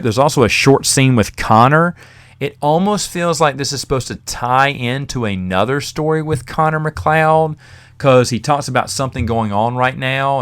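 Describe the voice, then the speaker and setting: On his podcast, a man casually reviews a novel, rambling and chatting with fillers and the occasional chuckle. His voice is medium-pitched, clear, and resonant.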